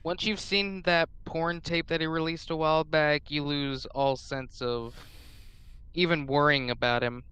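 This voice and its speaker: Man, slow deliberate talk, bright clear voice, dry close sound, sarcastic co-host. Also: fairly high pitch, fairly even intonation, dry recording. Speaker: stream co-host. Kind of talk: casual live-stream chat.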